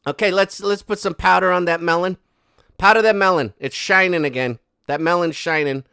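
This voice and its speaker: A man's voice: high voice, moderate pace, gravelly, bright, forceful tone, clear, resonant tone, no room sound, pitched above the performer's own voice, exaggerated voice. Man doing a bossy male photographer, pushy, teasing, raised voice, dry sound. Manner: pushy, teasing, giving orders.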